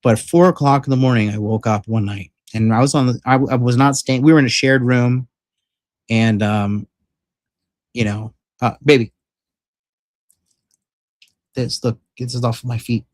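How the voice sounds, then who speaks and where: A man vlogging, retelling a rough experience in a rambling, profane, frank way with lots of fillers. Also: medium pitch, fairly even intonation, moderate pace, long pauses, no room sound. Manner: frank and emphatic. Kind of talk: casual storytelling vlog.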